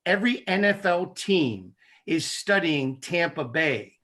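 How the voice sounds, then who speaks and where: A man's voice: on the high side, animated, slow pace, sharp tone. A man speaking as an interview guest, making his points in an emphatic, persuasive way. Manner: emphatic, persuasive, punchy repetition. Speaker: guest, chiropractic neurologist. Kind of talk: casual interview chat.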